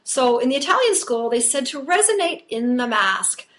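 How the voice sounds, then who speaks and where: A woman's voice: sits high, very animated, normal speed, a bit bright. A woman voice teacher explaining vocal technique in a conversational, explanatory way.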